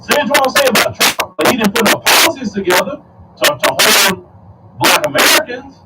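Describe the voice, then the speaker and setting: Animated high-voiced man ranting to viewers. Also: fairly quick, far from the mic, very noisy. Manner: animated, repeats words, addresses viewers as y'all. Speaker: commentary streamer. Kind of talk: casual political commentary.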